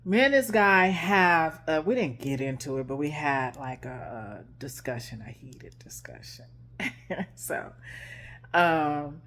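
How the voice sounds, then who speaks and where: A woman with a low, grounded voice shares a personal story with her followers, candid and unpolished. She talks casually into a self-filmed phone camera, full of small fillers and restarts. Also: expressive, takes it slowly, fairly bright tone. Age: adult with grown children. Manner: frank, conversational, many fillers. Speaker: life and relationship coach.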